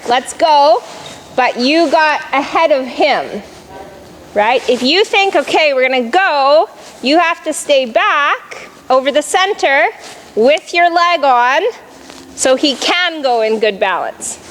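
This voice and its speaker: A woman's voice: high voice, animated, slow pace, a bit bright, slight background noise, low-quality recording. A woman riding instructor coaching a jumping lesson, calling out cues and explaining in an encouraging, instructive way.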